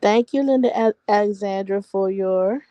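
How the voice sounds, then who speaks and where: A woman co-hosting a casual livestream, relaxed and greeting viewers by name. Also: medium pitch, normal speed, no room sound, poor audio. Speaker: livestream co-host.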